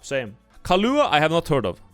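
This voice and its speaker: A young male streamer whose voice swings up and down in a lively way as he thinks aloud, blunt and profane. Soft music plays faintly underneath. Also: a little high, normal speed, clear, resonant tone. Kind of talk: casual livestream commentary. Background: faint background music.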